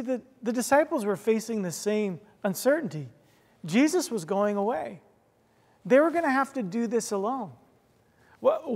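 Earnest pastor preaching in a reverberant hall. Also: male voice, high-pitched. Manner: storytelling, earnest, frequent restarts and "right?" asides. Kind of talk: sermon. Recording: long reverb of a large hall.

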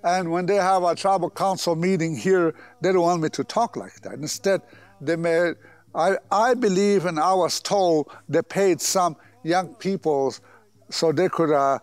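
An older man, a medicine man, giving a slow, halting, earnest spoken message outdoors in open country. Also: a little high, no echo. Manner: slow, halting, earnest speech with many pauses.

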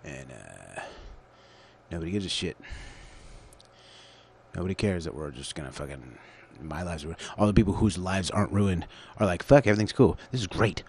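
A man's voice: low-pitched, animated, moderate pace, creaky, darkish tone. A man hosting his own show, rambling through a crude, profane, absurd monologue into a computer call setup. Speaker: solo show host.

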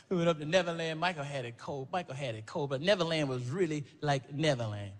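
A man doing stand-up storytelling, animated and profane, full of exclamations. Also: fairly high pitch, normal speed. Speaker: stand-up comedian. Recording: noisy live stand-up recording.

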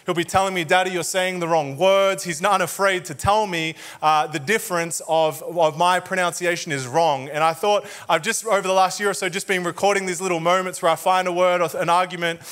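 A man's voice: high voice, fairly even intonation, a little fast, few pauses, a bit bright. A man with an Australian accent, preaching a sermon in a church with joking, conversational asides to the crowd. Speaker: pastor. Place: church auditorium.

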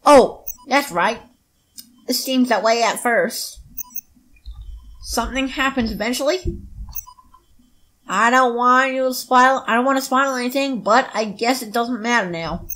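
A woman's voice: fairly high pitch, measured pace, long pauses, fairly bright tone, low-quality recording. A woman putting on an accent to read a friendly chat partner's messages aloud in a game. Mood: chatty.

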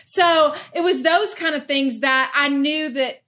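A woman guest in a casual chat, speaking gently and reflectively with slight hesitation. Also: high voice, unhurried. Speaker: guest, longtime friend.

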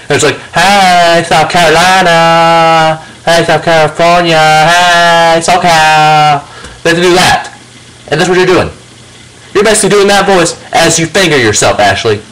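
Ranting, higher-voiced man. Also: fairly bright tone, slight background noise, poor audio. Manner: confrontational, swears heavily, addresses a rival directly. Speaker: video channel host. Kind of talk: angry profane rant to camera.

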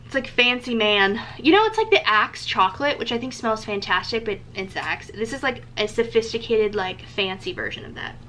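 Chatty bright-voiced woman vlogger. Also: on the high side, animated, normal speed, few pauses, a little hiss or hum. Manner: chatty, lots of um and like, enthusiastic. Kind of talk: casual gift show-and-tell.

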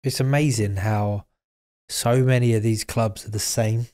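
A man's voice: lowish voice, steady tone, unhurried, warm tone. A man from England hosting a casual interview, thoughtfully comparing the guest's story with his own experience. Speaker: podcast host.

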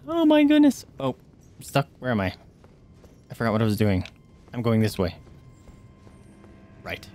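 A man's voice: mid-range voice, moderate pace, pauses often, slight background noise. A man livestreaming a game, chatting to viewers and yelping and swearing at enemies. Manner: excitable, yelps and swears at enemies; chatty, thanks viewers by name. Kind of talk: live gameplay commentary.

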